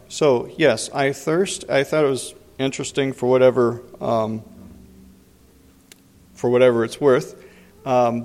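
A man giving Bible teaching in an unhurried way, pausing often with fillers. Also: medium pitch, darkish tone. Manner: unhurried, frequent pauses and fillers. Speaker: preacher. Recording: long hall reverb.

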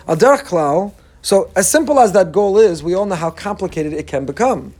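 Reading Hebrew aloud and translating as he goes, this rabbi teaches Torah with real emphasis, his pitch rising as he makes each point. He talks a little fast, with lively intonation and a somewhat dark tone.

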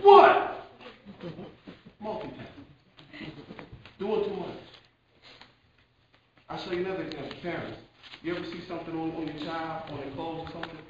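A man preaching a sermon to his congregation, lively and repetitive, talking straight to the listeners. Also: on the high side. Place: church hall. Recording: echoey hall, distant mic, dull sound.

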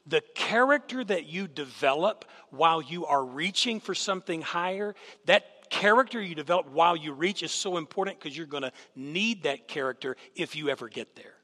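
A man's voice: on the high side, lively intonation, moderate pace, few pauses, bright, forceful tone. A man preaching a sermon as a guest speaker, telling stories with animation and putting questions to the congregation. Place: church sanctuary. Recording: long hall reverb.

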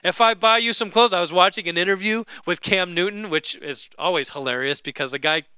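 Guy preaching a sermon, high voice, smooth and clear, chatty and jokey, drags out the bible verses. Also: bright, forceful tone, no room sound. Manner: conversational and joking, slows down to stress scripture. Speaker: pastor.

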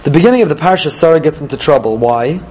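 Male Torah teacher, a bit high-voiced, lively question-and-answer delivery, faint background noise. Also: fast, rough recording. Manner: animated, asks questions and answers them himself.

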